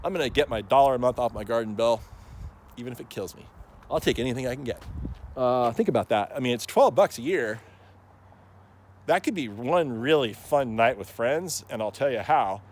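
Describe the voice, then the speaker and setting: This man speaks in a mid-range, somewhat dark voice over slight background noise. He's a plant grower talking casually to camera, rambling and joking with plenty of fillers and chuckling often.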